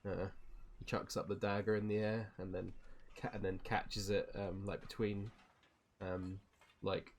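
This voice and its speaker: A man's voice: on the low side, flat delivery, unhurried, a little hiss or hum. Man, tabletop player, casual, rambling, filler-heavy. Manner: casual, with many likes and ums. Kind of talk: casual chat in a tabletop game.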